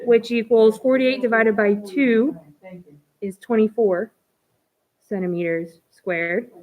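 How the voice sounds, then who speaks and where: A woman's voice: a little high, fairly even intonation, slow pace, a little mellow, rough recording. Chatty woman teaching math aloud. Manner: chatty, walks through steps aloud. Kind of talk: live online math review.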